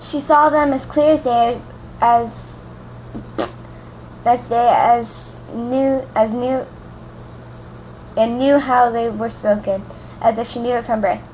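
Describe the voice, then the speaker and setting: A woman's voice: on the high side, steady tone, slow, pauses often, darkish tone, a little hiss or hum, low-quality recording. A young woman from Louisiana casually reading fan fiction aloud, stumbling, rereading words and adding chatty asides. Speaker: amateur reader.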